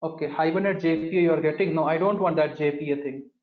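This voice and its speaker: Brief: male coding instructor, slightly high voice, walks through steps aloud, echoey dull recording. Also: steady tone, quick pace. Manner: talks through steps while typing, often addresses the class as "guys". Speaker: programming instructor. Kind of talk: live coding lesson.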